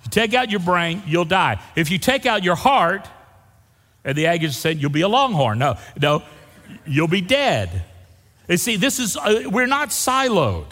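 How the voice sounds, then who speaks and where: A man's voice: high-pitched, big pitch swings, measured pace, a bit bright. An older man, a pastor preaching a folksy sermon and asking the congregation questions. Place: church sanctuary. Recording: long hall reverb.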